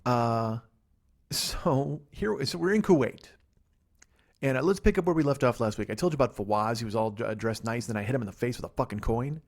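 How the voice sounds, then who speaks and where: In a living room, a middle-aged Chicago podcast host talks into his laptop microphone, tearing through a solo monologue without pausing. He rambles, swears, and mocks himself in a mid-range voice, holding in yawns between stretches.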